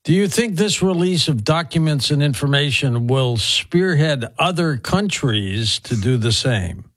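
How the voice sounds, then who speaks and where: A man's voice: fairly high pitch, animated, measured pace. A man hosting a talk show, asking questions with a wry, joking touch. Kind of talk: interview questions.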